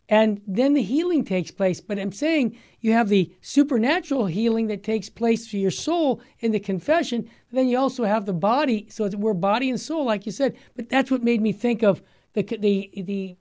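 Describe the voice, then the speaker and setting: A woman's voice: fairly high pitch, moderate pace, a little mellow. A woman hosting a faith talk show, chatting with enthusiasm.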